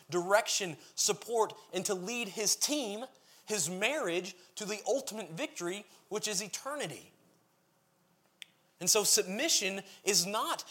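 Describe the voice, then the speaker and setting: Earnest and emphatic, a man reads from scripture during a sermon and then explains it, organizing his points as lists. His voice is high and a little bright.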